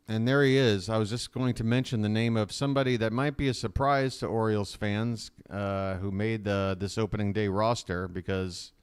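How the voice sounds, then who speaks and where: Chatty low-voiced male fan commentator. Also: smooth. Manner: chatty and rambling, many fillers; talks to his viewers while watching. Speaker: fan livestream host. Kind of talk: casual live play-by-play commentary.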